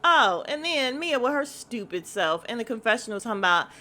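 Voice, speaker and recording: A woman's voice: on the high side, very animated, fairly quick, bright, forceful tone. A woman hosting a casual podcast, recapping a reality show in a sassy, blunt manner and swearing freely. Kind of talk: casual chat.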